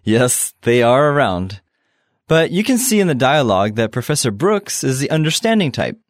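A man's voice: medium pitch, very animated, moderate pace, no echo, studio quality. A man hosting a language lesson, explaining a dialogue and introducing vocabulary. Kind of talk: scripted lesson presentation.

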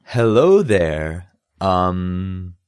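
Friendly professor voiced by a man, lively pitch, slow unhurried delivery, dry studio sound. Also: no room sound. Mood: slow, clear. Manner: relaxed, friendly, reads lines then slowly repeats them. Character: friendly male university professor. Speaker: voice actor in a language lesson dialogue.

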